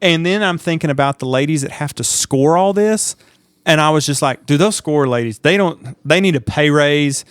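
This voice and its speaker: Animated storytelling man, smooth voice. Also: a little high, normal speed, no echo. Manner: animated storyteller, acts out shouts and quotes. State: sleep deprived. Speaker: podcast co-host. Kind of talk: casual chat.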